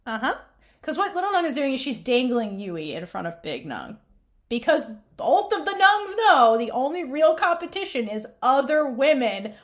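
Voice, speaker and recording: A woman co-hosting a casual recap podcast, animated and laughing often as she acts out characters' lines. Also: a little high. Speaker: podcast co-host.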